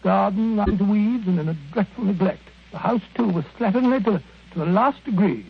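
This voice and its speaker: Watson, a raspy-voiced earnest chronicler on old radio. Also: male voice, sits high, fairly quick, heavily acted. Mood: recounting. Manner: fumbling, repeats words while recounting. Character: Dr Watson, earnest middle-aged male companion. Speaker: actor playing Watson. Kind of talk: radio drama acting. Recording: tinny lo-fi radio broadcast.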